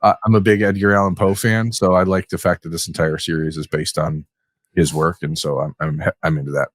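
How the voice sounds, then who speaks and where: A man with a low, deep voice talks casually on a podcast. He rambles and restarts his sentences, and the sound is close and dry. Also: little pitch movement, brisk, no room sound. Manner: rambling, hesitant with many restarts. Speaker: podcast guest.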